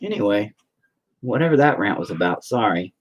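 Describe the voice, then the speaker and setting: A man talking loosely into his phone at home on a livestream, rambling from one story to the next. His voice is husky, and his pitch swings up and down as he tells his tales, with swearing scattered through. He sounds casual and unscripted. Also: very animated, normal speed. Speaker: livestreaming painter.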